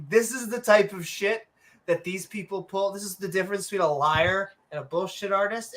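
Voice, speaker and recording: Ranting podcast host, higher voice. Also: male voice, a bit bright. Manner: ranting, profane, restarts often. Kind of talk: casual reaction commentary.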